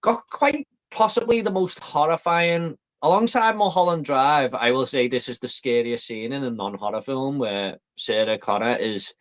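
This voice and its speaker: A man's voice: medium pitch, normal speed, few pauses. A man hosting a casual podcast chat, talking enthusiastically and rambling with fillers. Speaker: podcast host.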